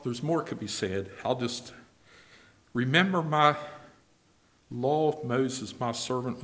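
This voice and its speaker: A man preaching a sermon, swinging between loud declarations and low, quiet asides, and reading scripture in a slow, old-fashioned cadence.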